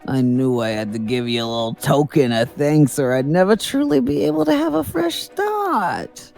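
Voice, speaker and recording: Woman doing a vengeful ex-con, low and gravelly. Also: sing-song, moderate pace, a little mellow, faint music behind, full character voice. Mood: menacing. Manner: snarling, taunting, swearing. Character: vengeful male ex-convict, bitter and menacing. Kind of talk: reading game dialogue aloud.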